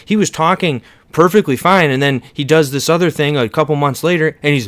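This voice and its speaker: A man's voice: on the high side, fairly quick, few pauses, dry recording. A man in a heated casual political argument with a friend, stammering and restarting, exasperated and insistent, swearing freely. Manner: swears freely, calls the other "bro" and "dude".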